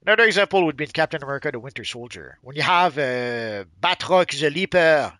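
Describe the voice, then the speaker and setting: French-Canadian man, bright, rambling. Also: on the high side, lively intonation, fast talker, dry recording, clean studio sound. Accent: Quebec French. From Quebec, Canada. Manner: rambling, answers viewers' chat. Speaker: game streamer. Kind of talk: live-stream chat.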